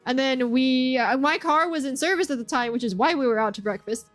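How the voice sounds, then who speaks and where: Bubbly high-voiced woman streamer. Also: brisk, a bit bright. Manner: chatty and bubbly, laughs often. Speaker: game streamer. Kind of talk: casual chat with stream viewers. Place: home streaming setup. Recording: faint background music.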